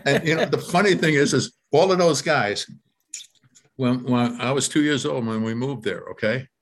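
An older man telling neighborhood stories in a relaxed, rambling way at an ordinary pitch, repeating words as he goes. He chuckles often and keeps checking in with his listener. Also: normal speed. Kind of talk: casual reminiscing.

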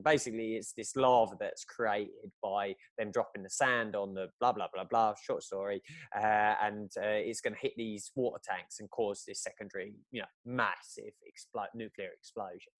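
A man chats casually, retelling a story in long rambling runs full of "uh" and restarts. His voice sits a little low, and the recording is close and dry with no room sound. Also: no echo. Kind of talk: casual chat.

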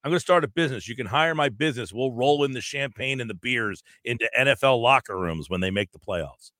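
A man's voice: mid-range voice, animated, quick pace, pushed and bright, no echo, clean studio sound. A man hosting a sports radio show, talking casually and posing long questions to his guest. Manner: conversational, poses long questions.

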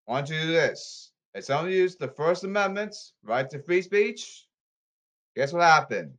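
A man hosting a solo podcast, talking in a rambling, repetitive and emphatic way with halting stop-start phrases. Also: a little high, animated, fairly bright tone. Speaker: podcast host.

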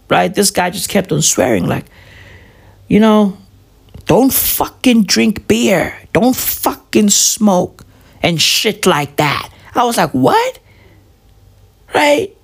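A woman's voice: low-pitched, gravelly, warm tone. A tired woman doing a profane, rambling comedic rant that keeps drifting off on tangents.

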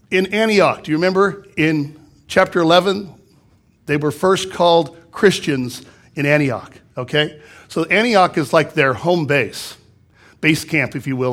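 A man's voice: on the high side, fairly bright tone. A man, a pastor, preaching a sermon in a church, reading scripture aloud and explaining it with emphatic repetition. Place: church sanctuary.

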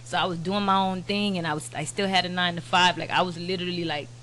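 A bright, forceful woman chats casually on a podcast. She tells animated stories and acts out the people in them. A faint hum sits under her voice. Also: fairly low pitch, fast talker. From United States, Haitian family. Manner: animated storyteller, quotes people in their own voices. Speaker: podcast guest, media brand owner. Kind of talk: casual chat.

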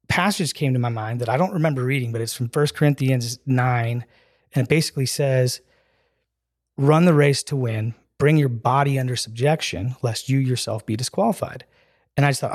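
An earnest man at a middle pitch, telling his own story to a podcast host. He talks casually and animatedly, slipping into the voices of the people he quotes and scattering "like" and "dude" throughout. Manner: animated storyteller who acts out dialogue with "I'm like" and "he's like"; earnest and emotional, with filler "like" and "dude". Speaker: podcast guest.

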